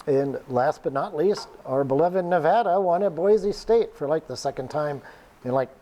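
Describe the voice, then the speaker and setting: Mellow dude hosting a sports podcast, jokey and upbeat. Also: male voice, a little high, expressive, moderate pace, a little hiss or hum. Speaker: podcast host. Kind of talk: casual sports chat.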